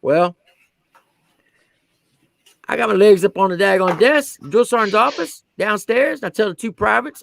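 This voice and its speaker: A man's voice: sits high, expressive, moderate pace, vocal fry, pauses often, a bit bright, no echo. A man, an army veteran who served as a drill sergeant, telling a story on a podcast in casual slang and acting out the quotes.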